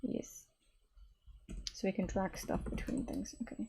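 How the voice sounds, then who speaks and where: A woman game developer talking casually on a live stream while she codes at her desk. She thinks aloud, halting and restarting often. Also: mellow. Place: home desk.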